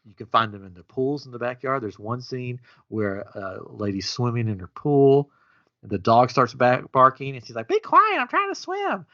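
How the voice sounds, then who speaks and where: An animated man spins a jokey made-up story, his bright, forceful voice jumping into high-pitched bursts. The audio is a bit dull and lo-fi. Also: moderate pace. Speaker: podcast co-host. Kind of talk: casual playful chat.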